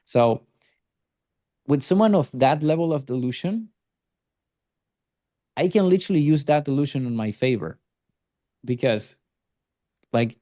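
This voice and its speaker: Male sales coach, mellow tone, blunt and profane, teases students. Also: medium pitch, expressive, unhurried, long pauses. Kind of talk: group coaching call.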